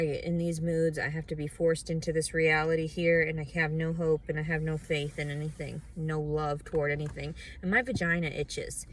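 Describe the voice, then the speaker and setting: A woman recording a confessional video diary, venting raw distress with repeated phrases and swinging between low murmurs, whispers and sharp outbursts. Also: a little hiss or hum, poor audio. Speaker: vlogger.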